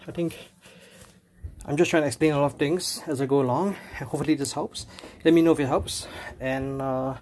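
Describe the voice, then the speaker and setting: A man casually talking through charts while working out at a gym, a bit out of breath, thinking aloud with pauses and fillers. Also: on the high side, steady tone, darkish tone, a little hiss or hum. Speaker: crypto vlogger. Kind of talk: casual screen walkthrough.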